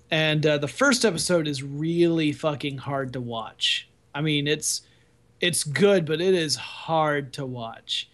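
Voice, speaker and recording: A man co-hosts a casual podcast, speaking with a slightly higher pitch than most. He is laid-back and joking as he describes a TV series. He talks in an easy, unhurried way. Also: fairly bright tone. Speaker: podcast co-host. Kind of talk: casual chat about TV shows.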